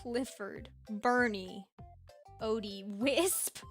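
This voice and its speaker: A young woman giving casual, playful gameplay commentary as a YouTuber, chatty and quick to giggle. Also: fairly high pitch. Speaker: gaming YouTuber. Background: game music.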